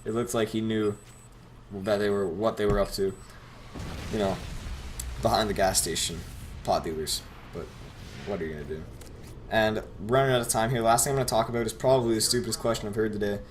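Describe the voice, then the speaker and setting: A man's voice: on the low side, fairly even intonation, fairly quick, pauses often, slight background noise. A teenage boy casually telling stories over gameplay, rambling, sarcastic and swearing freely. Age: teens. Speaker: gameplay commentator.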